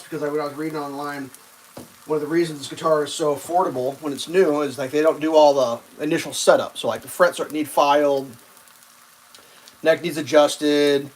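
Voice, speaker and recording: Man, slightly high voice, casual rambling live-stream storytelling, swears a lot, faint sizzle behind. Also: slight background noise. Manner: swears freely, acts out quotes in a raised voice. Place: home kitchen while cooking.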